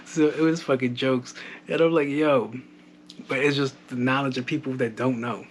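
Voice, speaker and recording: A man's voice: mid-range voice, steady tone, normal speed, a little hiss or hum. A young man hosting a podcast, telling casual stories with lots of swearing and laughing at his own jokes. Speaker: podcast host. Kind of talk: casual storytelling monologue.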